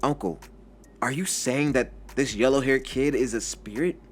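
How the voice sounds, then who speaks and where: A man voicing a young, brooding prince who holds back his anger, speaking quietly and stiffly. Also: mid-range voice, normal speed, a little hiss or hum, pitched above the performer's own voice, natural voice. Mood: restrained.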